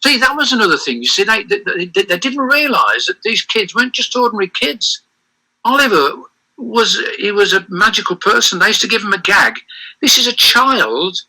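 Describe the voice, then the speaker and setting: An older man with a bright, cutting tone and a pitch a little above most men's. He tells rambling stories in an animated way, often stopping to restart a sentence. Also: moderate pace, low-quality recording. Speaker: interview guest. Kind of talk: reminiscing interview over a call.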